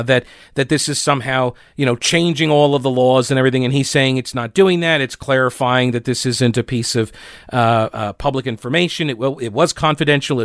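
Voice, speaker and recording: A man's voice: mid-range voice, fairly bright tone, no echo, studio quality. A male radio talk show host from North Carolina, chatty and sarcastic, full of fillers and restarts. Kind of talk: casual political commentary.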